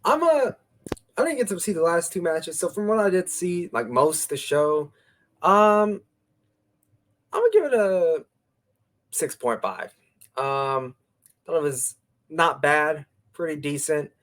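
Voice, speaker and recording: An excitable young man co-hosts a casual podcast, his voice sitting a little high. He leaps up in pitch when he retells big moments, then drops back to easy chat. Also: unhurried, pauses often. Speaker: co-host.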